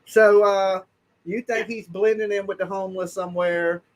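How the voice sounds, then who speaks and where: Male call-in host, high voice, blunt slangy storyteller who swears freely. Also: fairly even intonation, normal speed. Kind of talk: casual live call-in chat.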